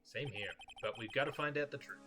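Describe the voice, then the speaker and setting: A man's voice: medium pitch, brisk, over music, lightly acted. A man voicing a nervous young male lawyer who talks wryly and hesitantly. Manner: wry, hesitant.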